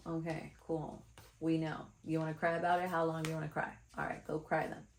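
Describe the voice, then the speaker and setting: A woman's voice: deep voice, level tone, fairly quick, vocal fry, a little hiss or hum. A woman spiritual teacher giving a chatty, blunt card reading to her viewers, calling them darlings. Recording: echoey room.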